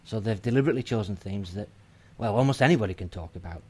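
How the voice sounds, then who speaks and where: A man's voice: lowish voice, quick pace, mellow, slightly rough. An actor with a Northern English accent playing a sardonic young student explaining his plans. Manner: dry, sardonic. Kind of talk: scripted educational drama.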